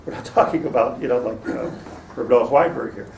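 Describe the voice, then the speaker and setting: A man's voice: medium pitch, fairly quick, creaky. Man teaching Torah, distant and roomy. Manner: digressive, many restarts, tells jokes and laughs. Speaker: rabbi teaching a class. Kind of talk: informal Torah lecture. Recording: roomy, distant mic with faint noise.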